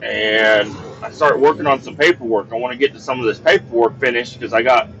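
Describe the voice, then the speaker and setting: A man's voice: mid-range voice, a little fast, lo-fi sound, a little hiss or hum. A man telling a work story as a podcast host, casual and profane, acting out what people said. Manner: profane, animated storytelling, acts out quoted dialogue.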